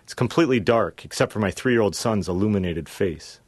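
Lowish guy reading his own radio essay, dry and wry, close mic, no room sound. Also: expressive, a little fast, slightly rough, no echo. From Wisconsin. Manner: wry, reflective storytelling. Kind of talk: scripted first-person radio essay.

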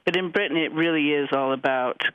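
A man's voice: fairly high pitch, brisk, smooth, no room sound, phone-quality sound. A man from the United States, a linguistics professor answering radio interview questions in a thoughtful, explanatory way with many fillers and restarts.

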